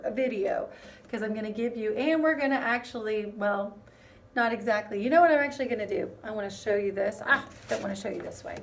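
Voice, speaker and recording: A woman teaching a music lesson to young children, in a gentle, encouraging way that speaks straight to them. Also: on the high side, distant mic, a little hiss or hum.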